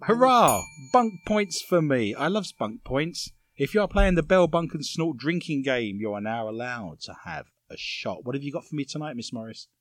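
A man's voice: medium pitch, very animated, normal speed, few pauses, dry recording. A man hosting a comedy podcast, reading odd news stories with dry jokey asides. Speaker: podcast host.

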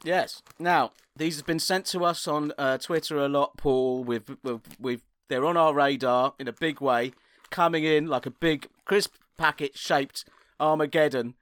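A man co-hosting a casual comedy podcast, giggly and quick to put on silly voices and sound effects. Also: on the high side, fairly even intonation, fairly bright tone, dry recording. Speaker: podcast co-host.

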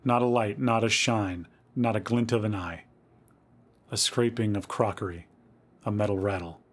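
Male podcast host, lowish voice, dramatic spooky story reading. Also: fairly even intonation, moderate pace.

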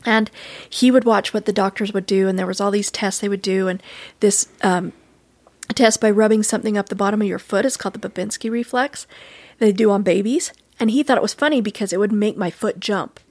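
Telling a personal story as an interview guest, a woman speaks earnestly and with animation, acting out the quoted dialogue along the way. Her pitch is medium, her pace brisk, and the recording has no echo.

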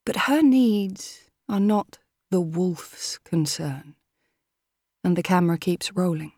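A woman reading an audiobook in a measured, steady manner. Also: fairly low pitch, no echo, clean studio sound. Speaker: audiobook narrator. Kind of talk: audiobook narration.

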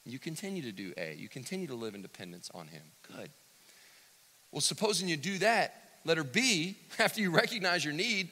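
A man preaching a sermon, swinging from loud to hushed and acting out the quotes he cites. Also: fairly high pitch, big pitch swings, fairly quick. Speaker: pastor. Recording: long reverb of a church hall.

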